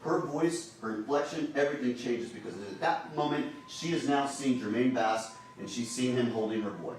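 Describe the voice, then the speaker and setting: A man's voice: mid-range voice, normal speed. A man arguing a case to a jury in a large courtroom, speaking with emphatic urgency. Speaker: trial attorney. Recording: very echoey courtroom audio from a distant mic with faint hiss.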